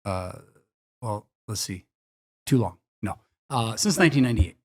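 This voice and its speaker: A middle-aged man with a fairly low voice talks casually as a podcast guest. He rambles through his story with many fillers and restarts. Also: lively intonation, normal speed, a little mellow, slightly rough. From Chicago area. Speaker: podcast guest, commercial real estate broker. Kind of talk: casual interview chat.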